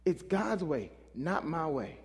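A man's voice: fairly high pitch, sing-song, slow. Preacher man in a reverberant hall. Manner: conversational, calls out to the congregation. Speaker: pastor. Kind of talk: sermon.

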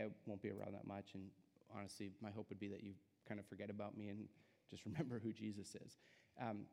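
A young adult man with a fairly low, creaky, warm voice preaches as a guest in a church sanctuary. His delivery is casual, self-deprecating, and heavy on filler words, captured with the hall's long reverb.

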